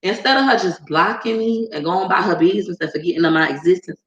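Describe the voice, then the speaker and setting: A woman vlogger telling stories in a casual, animated, slangy way, laughing often. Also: lowish voice, quick pace. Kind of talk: casual chat. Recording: echoey room.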